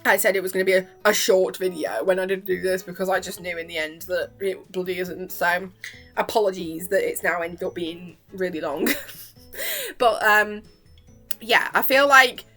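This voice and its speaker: A young woman vlogger chatting excitedly in a gushing, giggly way and acting out quotes. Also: lowish voice, moderate pace, soft background music. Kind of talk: excited reaction chat.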